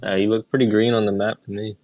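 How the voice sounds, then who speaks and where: A man playing in an online tabletop game, playful and quick to protest. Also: lowish voice, flat delivery, a little mellow, dry recording, soft background music. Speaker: player. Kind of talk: casual tabletop play.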